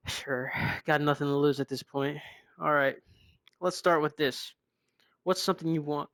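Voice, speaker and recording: A young man narrating a wrestling video game in a brisk, wry, casual recap style, often sighing. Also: on the high side, steady tone, creaky, fairly bright tone, dry recording. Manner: brisk, wry, frequent sighs. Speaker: game commentator.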